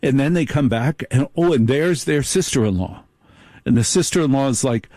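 A man's voice: mid-range voice, animated, normal speed, mellow, dry recording. A man delivering a sardonic comic monologue. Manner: sardonic, storytelling.

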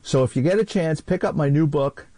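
Ex-cop guy spinning a yarn, doing little voices, warm dark tone, dry close sound. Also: a little high, fairly quick, no room sound. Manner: animated, acts out voices in quotes. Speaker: retired police officer and author. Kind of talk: storytelling anecdote.

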